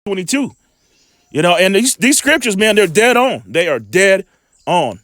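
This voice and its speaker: A man reading scripture slowly and deliberately, breaking off into casual asides as a teacher. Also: sits high, sing-song, fairly bright tone, no echo, clean studio sound.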